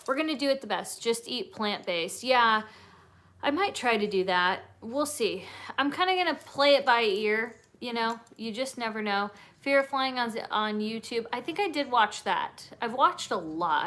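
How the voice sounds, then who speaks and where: A woman's voice: fairly high pitch, expressive, moderate pace, fairly bright tone. A young woman, hosting a casual livestream chat and reading viewer comments aloud with plenty of "like" and "um" fillers. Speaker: livestream host.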